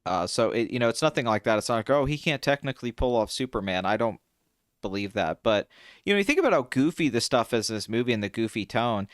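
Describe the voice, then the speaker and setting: A young man co-hosting a casual chat, animated and swearing freely, his pitch jumping when he gets excited. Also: quick pace, dry recording, studio quality. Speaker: podcast co-host.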